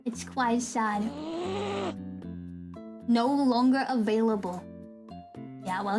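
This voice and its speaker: A young woman streamer chatting casually with her viewers, telling an animated, ranting story and laughing often. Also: fairly high pitch, slow, pauses often, soft background music. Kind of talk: casual live-stream chat.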